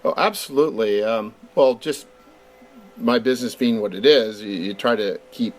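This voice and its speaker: A man's voice: lowish voice, normal speed. A middle-aged Californian man, a game designer interviewed as a guest, talking with enthusiasm and stammered repeats. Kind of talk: casual interview chat.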